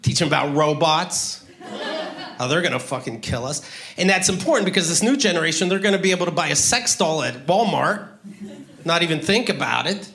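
A man performing stand-up, his pitch leaping all over the place as he rants profanely. His voice is bright and cutting, and he breaks into sudden loud outbursts. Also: animated, brisk, gravelly. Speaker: stand-up comedian. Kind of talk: stand-up routine.

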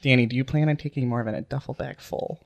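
A man voicing a creepy, sleazy adult male clown character in a comedy podcast, deadpan, with whispered asides. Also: medium pitch, quick pace, gravelly, muffled recording, natural voice. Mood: playful. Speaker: podcast regular. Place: podcast studio with headphones.

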